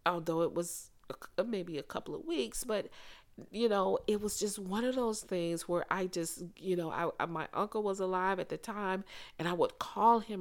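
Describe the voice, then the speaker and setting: A woman hosting a faith-based podcast, speaking to listeners in an earnest, conversational way with pauses and restarts. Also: medium pitch. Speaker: podcast host.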